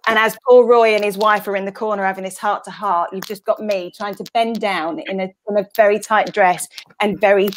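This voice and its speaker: A woman's voice: medium pitch, fairly even intonation, brisk, a little hiss or hum. A woman, a guest stage actress, telling chatty, self-deprecating stories from the theatre. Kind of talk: casual anecdote.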